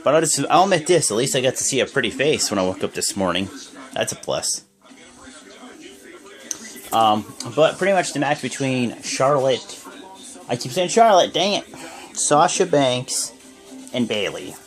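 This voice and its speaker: A man's voice: mid-range voice, big pitch swings, moderate pace, pauses often, soft background music. A sleepy young man giving rambling, casual reaction commentary, often stopping to correct himself. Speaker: wrestling reaction vlogger.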